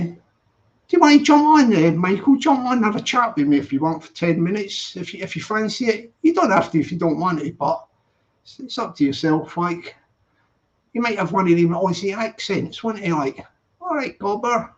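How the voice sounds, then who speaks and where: A man's voice: sits high, sing-song, normal speed. A man hosting a live stream, chatting casually and rambling as he reads out viewer comments. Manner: rambling, repeats himself, chatty. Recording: dull lo-fi stream audio.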